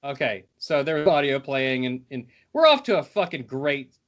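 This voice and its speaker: A man's voice: medium pitch, sing-song, normal speed, fairly bright tone, muffled recording. A man hosting a podcast, chatting loosely and reading out a text-based role-playing game while swearing casually. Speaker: podcast host and game narrator.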